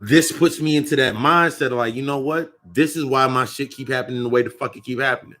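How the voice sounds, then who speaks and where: A man's voice: mid-range voice, fast talker, pushed and bright. A young man talking in a casual spiritual monologue, profane and rambling, often repeating and restarting his phrases. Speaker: occult vlogger.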